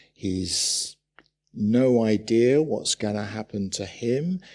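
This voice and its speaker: A man preaching a sermon in a church, telling stories with animated, urgent bursts. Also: fairly low pitch. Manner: animated storytelling with sudden loud urgent bursts.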